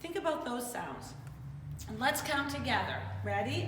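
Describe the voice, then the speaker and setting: A woman with a high, expressive voice teaches young children in an online class, unhurried and coaxing in an upbeat, sing-song way. The audio has background noise, roomy echo, a distant mic, and faint ambience.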